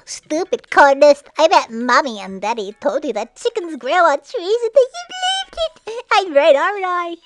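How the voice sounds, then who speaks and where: A woman voicing a preachy young vegan girl who sneers and scolds in a shrill voice. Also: big pitch swings, normal speed, few pauses, no echo. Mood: sneering.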